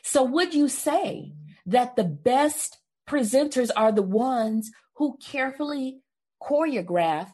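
A woman hosting a podcast interview. She speaks in measured, rhythmic phrases and affirms what her guest says. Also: a little high, dark tone. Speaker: podcast host.

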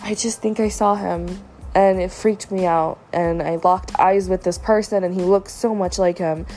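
A woman's voice: on the low side, fairly even intonation, normal speed, warm tone, soft background music. A young woman in her twenties telling a personal story on her podcast, upset and venting, with lots of fillers. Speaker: podcast host.

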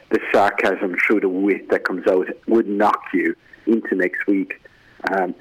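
A man's voice: deep voice, a little hiss or hum, poor audio. A man with an Irish accent, a guest in a casual radio interview, rambling with many fillers and restarts. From Ireland.

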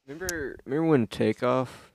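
Young male guest, gravelly voice, off-mic. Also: mid-range voice, normal speed, a little mellow. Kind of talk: casual chat.

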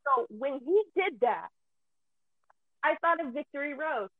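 Her voice sitting high with lively intonation, a woman unloads an emotional, swearing tirade at a measured pace, nearly crying. There's no echo, and the audio has a dry, tinny, phone-thin quality.

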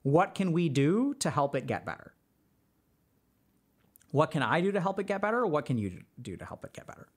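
A man who hosts a podcast as a mental health doctor talks through relationship advice in a casual, earnest, conversational way, using many fillers. His voice is on the high side, very animated and brisk, with frequent pauses.

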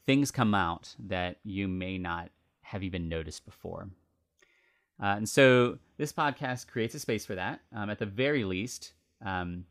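A low-pitched man with a bright, forward tone tells a story on his faith podcast. He talks in an earnest, reflective way and pauses for fillers and restarts. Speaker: podcast host.

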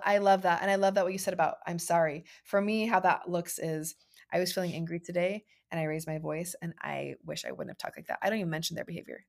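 A woman's voice: on the low side, vocal fry. A woman in her thirties hosting a casual conversation, talking in long, reflective, affirming thoughts. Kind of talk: casual chat.

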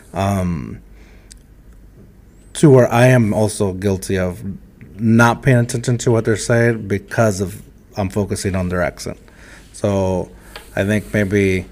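A man hosts a casual podcast conversation, his voice sitting on the low side. He speaks in a relaxed, reflective way and pokes fun at his own habits. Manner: reflective, self-deprecating, relaxed. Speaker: podcast host. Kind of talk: casual interview chat.

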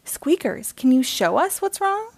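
A woman's voice: sits high, very animated, measured pace, no echo, voice pushed up, full character voice. A woman voicing a cheerful young girl who plays toy doctor, eager and caring.

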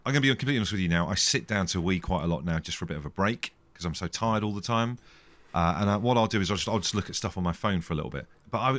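A man's voice: fairly low pitch, fairly bright tone, no echo. A man hosting a podcast in rambling, jokey casual chat. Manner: rambling, jokey, self-deprecating. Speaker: podcast host.

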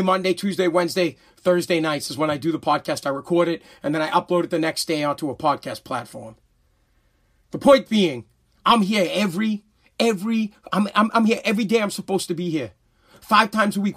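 A man in his thirties from the United States hosting his own podcast, ranting in a heated, profane way, often shouting and stumbling over restarts. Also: high voice. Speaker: podcast host. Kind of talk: ranting live-stream podcast monologue.

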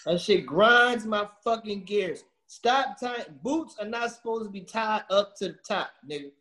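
A man's voice: high-pitched, expressive, a little slow, sharp tone, roomy sound. A man as a podcast guest, ranting about pet peeves with lots of swearing. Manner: ranting and swearing, with repeated filler words. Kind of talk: casual chat.

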